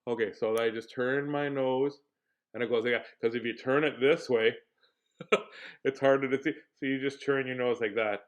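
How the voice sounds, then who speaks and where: A man's voice: medium pitch, fairly even intonation, normal speed. Playful man reading to kids. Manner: playful, chatty, greets young viewers by name; jokey, clowning between reading. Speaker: children's book reader and host. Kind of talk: casual read-aloud livestream for kids.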